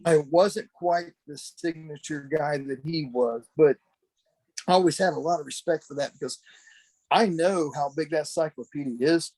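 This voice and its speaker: A former pro wrestler, appearing as a podcast guest over a video call camera, reminisces casually about someone who has passed. His voice is on the high side, a little mellow, at a moderate pace, and he's a chatty storyteller who rambles, restarts, and says "you know" a lot.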